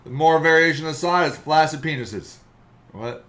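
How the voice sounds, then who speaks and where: A man hosting a comedic podcast, reading an article aloud and mocking it loudly. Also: fairly high pitch, moderate pace. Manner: loud, excitable, mocking, jumps into silly voices. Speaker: podcast host.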